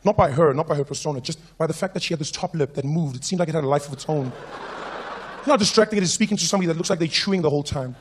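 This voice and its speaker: A man with a South African accent doing a stand-up comedy routine on stage, telling animated stories and putting on the voices of people he has met. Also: fairly high pitch, racing, slight background noise. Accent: South African English. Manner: animated storytelling, puts on voices of people he meets. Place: comedy stage with a live audience.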